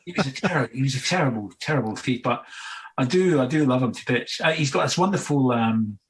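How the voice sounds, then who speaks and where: A man's voice: medium pitch, animated, fairly quick, poor audio. A Scottish man in his sixties, a musician guest in a casual interview, telling rambling anecdotes full of fillers and asides.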